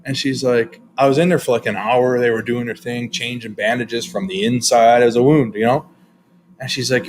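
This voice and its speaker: A man's voice: medium pitch, steady tone, moderate pace, slight background noise. A middle-aged man co-hosting a casual talk show, telling loose, profane stories and laughing along. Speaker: co-host. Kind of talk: crude comedic casual chat.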